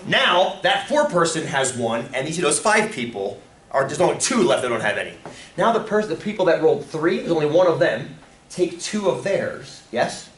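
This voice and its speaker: A man teaching a lively classroom lesson, breaking into loud bursts of excitement. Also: a little high, moderate pace. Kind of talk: classroom lecture. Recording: echoey classroom from far off.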